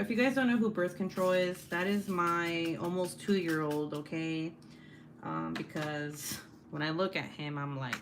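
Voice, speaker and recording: A woman's voice: lowish voice, slow pace, a little hiss or hum. A young adult woman hosting a casual livestream from home, chatting while reading comments, laughing often and swearing freely. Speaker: livestream host. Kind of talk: casual live-stream chat reading comments.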